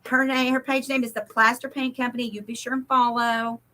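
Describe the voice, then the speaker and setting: A woman with an Oklahoma and Texas accent hosting a live-stream, chatting quickly and casually with viewers. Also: a little high, level tone, bright, forceful tone. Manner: fast-talking, chatty. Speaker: host.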